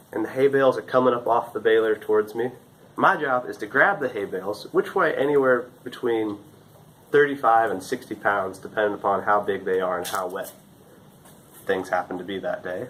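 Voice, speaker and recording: A man's voice: on the low side, fairly quick, slight background noise, low-quality recording. A young man from the Carolinas, casually and animatedly telling a story about his days as a farm intern. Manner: animated, acts out shouts and gestures.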